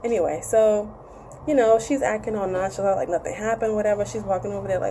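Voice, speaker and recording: A woman's voice: mid-range voice, fast, a little hiss or hum, low-quality recording. Chatty, candid woman recapping a show. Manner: chatty, candid, profane, lively retelling with acted quotes. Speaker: TV show reviewer. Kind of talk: casual recap and review.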